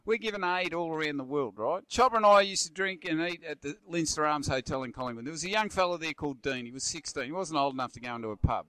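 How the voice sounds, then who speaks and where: A forceful Australian man in his fifties rants and rambles in a pub chat, repeating himself and throwing "mate" at the end of his lines. His voice sits high for a man and sounds smooth and resonant. It is recorded close and dry, with no room around it. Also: lively intonation, fast talker, hardly any pauses, no room sound. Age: 50s. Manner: forceful ranting, rambling, repeats words, calls everyone mate. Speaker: guest. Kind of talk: blunt opinionated pub chat.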